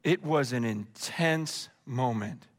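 A man preaching a sermon with passion, swinging between shouting and hushed tones. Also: mid-range voice, slow pace. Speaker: pastor. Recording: long hall reverb.

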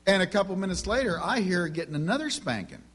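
A man's voice: sits high, very animated, fast, a bit bright, breathy edge. A middle-aged man preaching a sermon, telling folksy family anecdotes and acting out the dialogue. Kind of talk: sermon with storytelling.

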